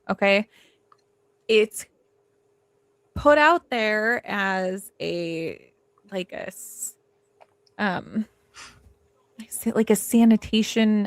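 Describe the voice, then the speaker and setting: Woman true crime host, gravelly edge, dry close sound, emphatic and rambling. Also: medium pitch, no echo. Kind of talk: casual livestream discussion.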